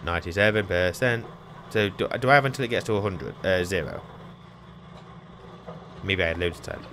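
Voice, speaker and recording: A young man running frantic solo commentary on a game, talking to himself and repeating words fast. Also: low voice, animated, fairly bright tone, slight background noise. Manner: panicky, talks to himself, repeats words rapidly. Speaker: gaming channel host.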